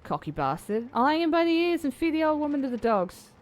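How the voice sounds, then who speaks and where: A woman voicing a brash male bandit who threatens and sneers in a roughened voice. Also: fairly low pitch, big pitch swings, brisk. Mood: sneering.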